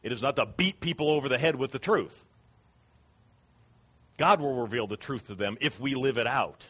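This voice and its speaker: Husky-voiced male preacher. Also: medium pitch, normal speed, a bit bright. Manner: earnest, emphatic preaching. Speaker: pastor. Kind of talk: sermon.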